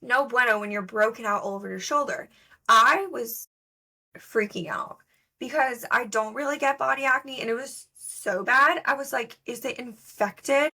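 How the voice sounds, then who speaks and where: She's a young woman co-hosting a podcast, her fairly high voice carrying a sharp tone at a moderate pace. Her casual storytelling is chatty and thick with fillers.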